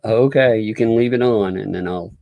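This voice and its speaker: A man's voice: on the low side, fairly quick, vocal fry, no echo, muffled recording. A man hosting a casual live-stream commentary from home, reading documents aloud and laughing often. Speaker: host.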